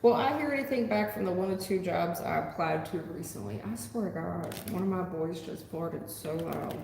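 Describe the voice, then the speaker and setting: A woman giving a live tarot reading, blunt and profane, talking back to her chat in an animated way. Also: fairly low pitch, moderate pace, vocal fry. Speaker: tarot reader. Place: home room. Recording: echoey room with long reverb, faint noise.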